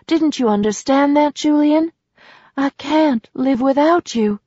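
A woman's voice: sits high, unhurried, dark tone, no echo, pitched above the performer's own voice. A woman voicing a heartbroken young woman who pleads tearfully for her lost lover, in a storybook reading. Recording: slightly dull dry recording.

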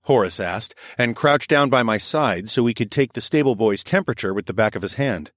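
A man's voice: mid-range voice, animated, fairly quick, fairly bright tone, dry recording, clean studio sound. A man narrating a story expressively in a scripted audiobook reading.

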